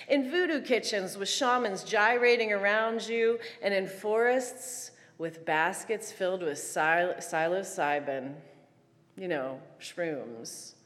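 A woman giving a prepared reflective talk, telling stories in a wry, animated way with dramatic pauses. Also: medium pitch. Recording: long reverb of a large hall.

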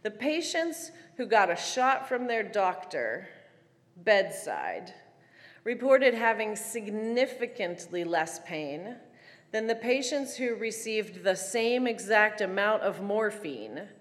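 A woman giving a prepared reflective talk, telling stories in a wry, animated way with dramatic pauses. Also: mid-range voice. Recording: long reverb of a large hall.

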